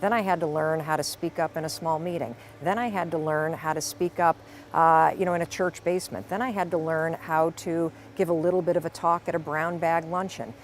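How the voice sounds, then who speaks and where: Middle-aged woman motivational speaker, deep register, candid emotional delivery. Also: fairly even intonation, brisk, few pauses, slight background noise. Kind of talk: motivational talk.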